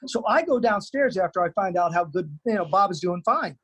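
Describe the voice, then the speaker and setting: A man's voice: sits high, fairly quick, husky, low-quality recording. A man, a stage actor and teacher, telling theater anecdotes in casual chat, restarting his sentences as he goes. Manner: animated anecdotes with stammered restarts.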